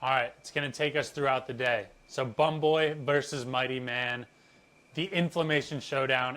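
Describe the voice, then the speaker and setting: A man's voice: medium pitch, fairly even intonation, normal speed, a bit bright. A man, a fitness content creator, reading a story aloud with playful, chatty asides. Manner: playful, chatty, laughing at his own reading.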